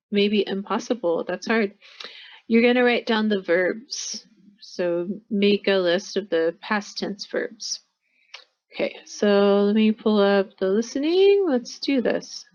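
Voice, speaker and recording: The audio is dull, carrying a medium-pitched woman's voice. She's an American instructor giving a pronunciation lesson at a college, patient in her explanations and repeating words for the class.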